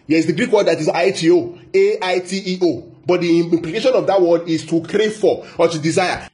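A man with a fairly high voice delivers a Bible teaching sermon. He talks emphatically, repeats his key phrases and keeps asking rhetorical questions. He slows right down whenever he quotes scripture. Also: fairly even intonation, darkish tone. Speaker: preacher.

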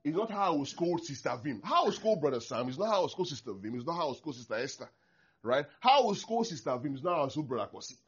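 A husky-voiced pastor in full sermon mode, his pitch leaping and dropping all over as he acts out people's prayers. The recording sounds dull and lo-fi. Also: very fast. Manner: animated, acts out prayers, laughs often.

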